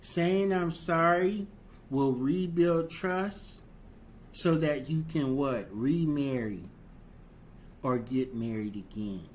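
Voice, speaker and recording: A man giving a livestreamed motivational talk on relationships, slow and deliberate, repeating key phrases for emphasis and asking rhetorical questions. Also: a little high, slight background noise. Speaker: relationship speaker.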